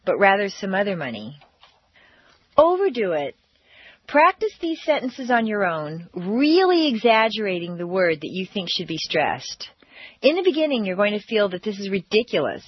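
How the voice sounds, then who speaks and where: A woman narrating a pronunciation lesson on an audio course, speaking clearly and deliberately with exaggerated word stress. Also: mid-range voice, big pitch swings, dry recording, highs cut off. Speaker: pronunciation teacher. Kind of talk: scripted language-course narration.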